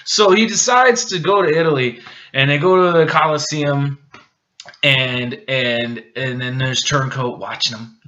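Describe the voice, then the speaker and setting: A man's voice: mid-range voice, unhurried, sharp tone, highs cut off. A drunk man rambling and joking through a casual recap of a film plot. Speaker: vlogger.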